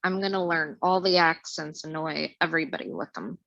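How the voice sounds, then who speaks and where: A woman's voice: sits low, fairly even intonation, brisk, gravelly, fairly bright tone, no echo. A woman co-hosting a casual chat, playful and joking about herself. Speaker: podcast co-host. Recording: dry, dull lo-fi recording.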